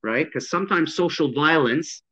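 A man's voice: on the high side, lively intonation, normal speed, a bit bright, husky. A man who teaches de-escalation talks bluntly and emphatically in a casual conversation, swearing often. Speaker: de-escalation and self-defense instructor. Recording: dull lo-fi sound.

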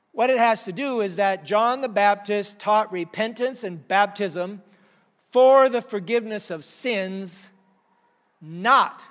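A man with a high, light voice delivers a sermon, teaching with animated rhetorical questions and emphatic points. His voice rings out with a long hall echo behind it. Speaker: preacher.

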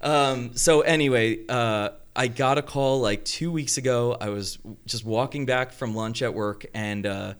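Animated man telling a story on a podcast. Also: mid-range voice, measured pace, few pauses, smooth. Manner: animated storyteller who acts out quoted voices. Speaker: podcast co-host. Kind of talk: casual chat.

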